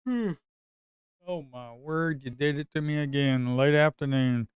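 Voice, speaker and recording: A man giving casual live commentary on a slow market as a day trader, grumbling and talking to his viewers as folks, with sudden excited outbursts. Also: on the high side, clear, resonant tone, dry recording.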